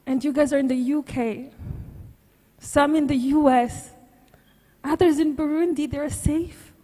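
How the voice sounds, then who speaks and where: High-voiced woman close to crying, slow speech, echoey hall. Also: fairly even intonation, warm tone. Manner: tearful, apologetic, laughing through tears. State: on the verge of crying. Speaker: conference speaker. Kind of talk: emotional speech. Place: large conference hall. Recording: echoey hall, long reverb.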